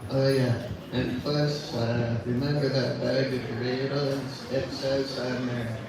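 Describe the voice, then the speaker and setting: A man's voice: mid-range voice, little pitch movement, slow. A man doing a rambling open mic stand-up set, chuckling through his stories on a small coffee bar stage. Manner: meandering, laughs through his own lines. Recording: echoey bar, distant mic, noisy.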